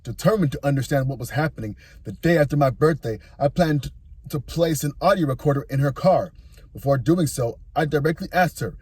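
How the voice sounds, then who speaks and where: A man's voice: a little high, fairly quick, darkish tone, breathy edge, no echo. A man in his thirties narrating a personal story, reading a written account with dry asides.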